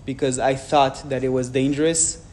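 A man with a French accent, giving a public talk and answering audience questions frankly, with measured pauses and restarts. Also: medium pitch, flat delivery, a little mellow.

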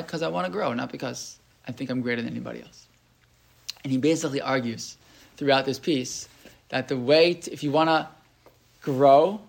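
A man's voice: mid-range voice, gravelly. A man teaching a Torah class, talking casually with many restarts and translating Hebrew texts as he goes. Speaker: yeshiva teacher. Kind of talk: Torah class with source sheet.

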